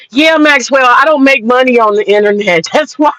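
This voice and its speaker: Streamer, woman, high-pitched, slow and mocking, profane and laughing, ranting from a parked car. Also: a bit bright, no echo, low-quality recording. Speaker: livestreamer. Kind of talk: live-stream rant to viewers. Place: parked car in a parking lot.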